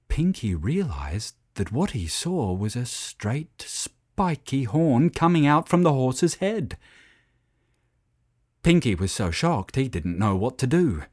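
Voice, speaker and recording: Man reading a storybook with lively pitch. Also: no echo, studio quality. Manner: expressive, animated reading. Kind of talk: scripted storybook narration.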